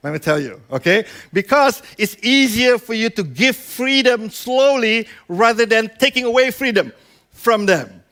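High-voiced man preaching conversationally. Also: animated, unhurried, a bit bright. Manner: conversational preaching with frequent "right?" and "you know"; acts out quoted voices. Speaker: pastor. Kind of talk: sermon.

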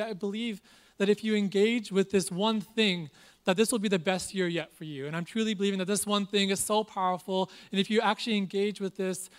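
A young man preaching a sermon from a church stage. He is earnest and animated, repeats himself for emphasis, and jokes at his own expense. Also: high-pitched, clean tone. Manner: earnest and animated, with self-deprecating humor; preaches with lots of repetition. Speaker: pastor.

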